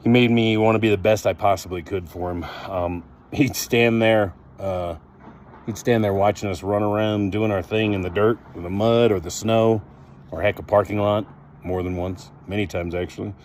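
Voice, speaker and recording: A man in his fifties and former rugby player reading a memorial tribute from his notes, halting and full of ums and uhs. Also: lowish voice, steady tone, darkish tone, slight background noise.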